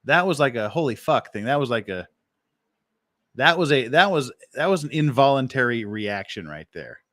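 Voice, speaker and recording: A man giving profane, excitable reaction commentary who repeats himself as he talks. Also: mid-range voice, moderate pace, dry recording, studio quality.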